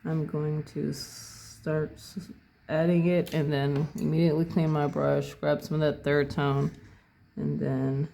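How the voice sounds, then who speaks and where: A person calmly talking through a painting tutorial step by step, thinking aloud and correcting their own words as they go. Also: medium pitch, a little slow, gravelly. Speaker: painting instructor.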